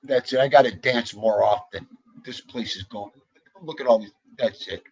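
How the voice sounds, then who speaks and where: Male livestream host, husky, lively, slightly dull lo-fi sound. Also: medium pitch, moderate pace. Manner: animated, jokey, greets chatters by name. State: out of breath. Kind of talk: casual livestream chat.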